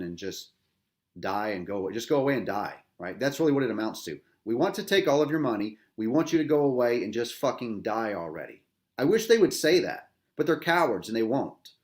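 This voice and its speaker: A middle-aged veteran man at a mid pitch rants in open anger. His talk is bitter and profane, circling back on itself and pressing the listener with questions. He sounds agitated throughout. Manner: bitter, profane, repetitive, with rhetorical tags. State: agitated, angry. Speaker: veteran podcast host. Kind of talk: angry personal rant.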